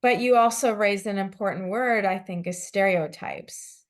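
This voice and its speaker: A woman hosting an interview, asking thoughtful, measured questions. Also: mid-range voice. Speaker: podcast host, interviewer.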